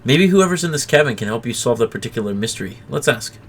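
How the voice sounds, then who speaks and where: A man's voice: medium pitch, lively intonation, quick pace, a little hiss or hum. A man streaming a game with friends, joking around and reading the dialogue aloud. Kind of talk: casual playthrough with friends.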